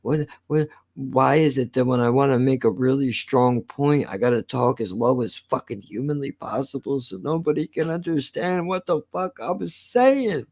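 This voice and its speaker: A man's voice: mid-range voice, normal speed, few pauses, darkish tone. Man host, blunt and sarcastic, swears constantly, reaction commentary. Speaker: channel host reacting to a film.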